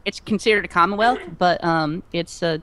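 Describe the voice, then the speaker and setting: A woman's voice: on the low side, moderate pace, a crowd in the background. A woman from Virginia chatting casually as a co-host on a game stream, rambling and restarting her sentences. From Virginia, United States. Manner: rambling, full of restarts and self-corrections.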